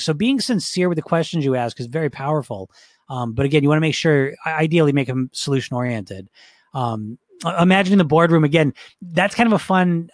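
A man with a slightly raised voice delivers a casual coaching talk. He speaks conversationally, often checks in with his listener and restarts his sentences along the way. The sound is dry and close, with no room echo. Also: on the high side. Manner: frequent restarts and fillers.

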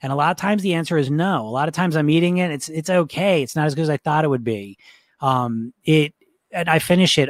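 Guy coaching folks, kinda high-ish voice, dry close sound, says "so, so" a lot. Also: brisk, no echo. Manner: casual, repeats words, frequent fillers. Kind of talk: motivational teaching talk.

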